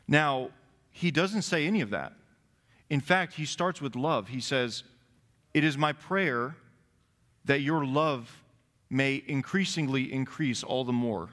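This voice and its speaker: A man's voice: medium pitch, takes it slowly, long pauses, a bit bright. A man pastor giving a sermon, reading scripture aloud and stressing key words. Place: church sanctuary. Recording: long reverb of a church hall.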